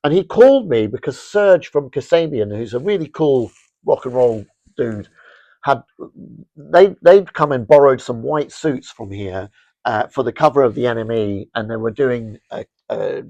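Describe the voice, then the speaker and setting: A middle-aged man, a fashion brand founder, telling rambling, animated anecdotes with lots of restarts in a casual interview. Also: mid-range voice, normal speed, gravelly, no echo.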